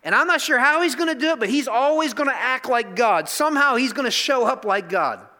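A devout old father, earnest and resolute, with a bright, ringing voice carrying through a big hall, as a preacher puts him on. He speaks solemnly, with a firm trust in his words. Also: very high voice, lively intonation, brisk, voice pushed up, full character voice.

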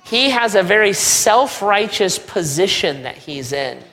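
A male pastor preaching a sermon in a conversational, animated way, with joking asides. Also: sits high, a little slow. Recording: long reverb of a large hall.

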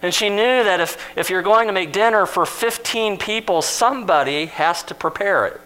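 A man's voice: high voice, normal speed, bright, forceful tone, clean tone, rough recording. A man preaching a sermon in a conversational, storytelling way, acting out the lines he quotes.

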